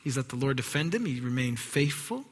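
A man preaching a sermon, acting out quoted voices and dropping to hushed whispers. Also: mid-range voice, very animated, brisk, breathy edge, in a large hall. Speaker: pastor.

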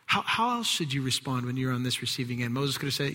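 Man in a church hall preaching, bright and husky, animated, acts out the voices, long reverb. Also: medium pitch, fast, few pauses. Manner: animated, acts out quoted voices, drops to hushed whispers. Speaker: pastor. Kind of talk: sermon.

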